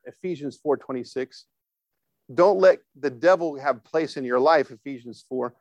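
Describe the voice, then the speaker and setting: A man of medium pitch speaks at normal speed, with no room sound, as he delivers an informal sermon. He frequently asks the congregation to respond and uses many fillers and restarts.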